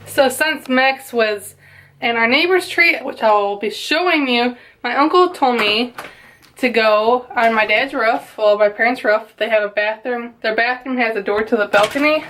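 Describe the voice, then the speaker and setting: A young woman vlogger retelling a stressful day at home, animated and dramatic, tossing out rhetorical questions. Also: fairly high pitch, slight background noise. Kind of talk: storytelling vlog. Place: home garage and yard, outdoors at times.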